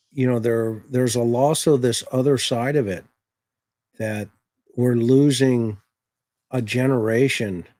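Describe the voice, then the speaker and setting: Older male guest, folksy and fatherly, mid-pitched voice, dry close sound. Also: dry recording. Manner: folksy, steady storyteller, fatherly. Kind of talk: casual chat.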